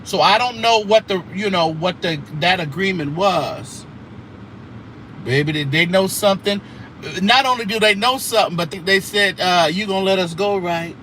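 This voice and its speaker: A man's voice: high-pitched, moderate pace, pushed and bright, poor audio. A man hosting casual church gossip commentary, sassy and drawling, with mocking mimicry of the people he talks about. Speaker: host. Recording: outdoor traffic noise.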